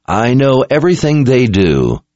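A man's voice: medium pitch, big pitch swings, normal speed, a little mellow, no room sound, pitched above the performer's own voice, natural voice. A man voicing a haughty, arrogant male sorcerer who drawls his words. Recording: dull lo-fi recording.

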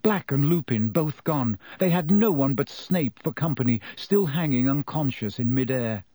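A man reading an audiobook aloud as narrator, with dramatic shifts between slow and quick delivery. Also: medium pitch, lively intonation, mellow, dry recording. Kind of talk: scripted narration.

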